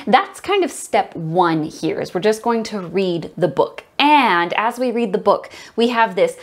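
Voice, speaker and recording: A woman's voice: medium pitch, animated, unhurried. Woman, young adult, music teacher demonstrating a classroom lesson, explanatory and practical. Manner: explains, then models chants and solfege in a bright sing-song voice.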